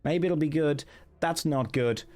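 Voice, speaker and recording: A man's voice: a little high, measured pace, a little mellow. A man streaming a gamebook, chatting with his viewers about their votes and reading the story passages aloud. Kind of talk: live-streamed gamebook play with chat votes.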